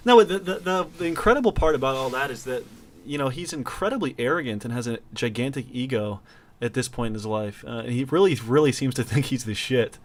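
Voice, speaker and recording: A man's voice: medium pitch, lively intonation. Blunt, swearing man in casual chat. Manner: blunt and profane, quick bursts.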